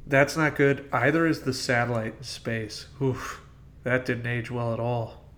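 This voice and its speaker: A man's voice: medium pitch, steady tone, measured pace, fairly bright tone. Blunt ranting male podcast host. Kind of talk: casual movie-review chat.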